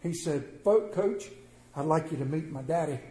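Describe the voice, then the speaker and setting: A man preaching a sermon, telling stories and swinging between quiet and loud delivery. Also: on the high side, moderate pace. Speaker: pastor. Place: church sanctuary. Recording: roomy church echo.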